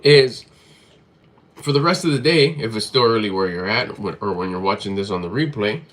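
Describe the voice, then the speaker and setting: A man's voice: on the low side, lively intonation, moderate pace, fairly bright tone. A man giving a motivational talk to camera in a blunt, emphatic way, swearing freely and hammering his points through repetition. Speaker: motivational vlogger.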